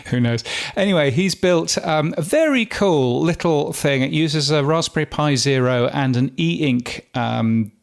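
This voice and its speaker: Gravelly, chatty podcast host. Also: male voice, on the high side, animated, a little slow. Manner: chatty, many ums and uhs. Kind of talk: casual podcast chat.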